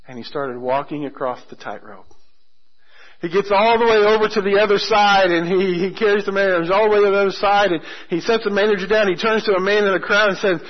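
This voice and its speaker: Higher-voiced man preaching a sermon, lo-fi. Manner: storytelling with humor and emphatic slowing on key phrases. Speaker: pastor. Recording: muffled lo-fi sermon recording.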